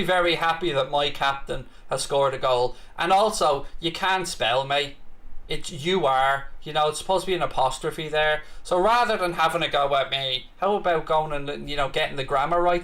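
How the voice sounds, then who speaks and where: High-voiced, excitable Irish man. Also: normal speed. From Ireland. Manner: excitable, chatty, swears freely, rants back at comments. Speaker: host of a football watchalong. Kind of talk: live casual match commentary and viewer chat.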